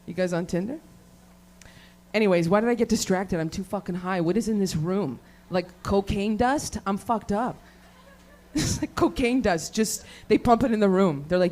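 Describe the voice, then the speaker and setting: A woman's voice: medium pitch, moderate pace, a little mellow. A woman doing a raunchy stand-up set, rambling, swearing constantly and laughing at her own jokes. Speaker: stand-up comedian. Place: comedy show venue with live audience.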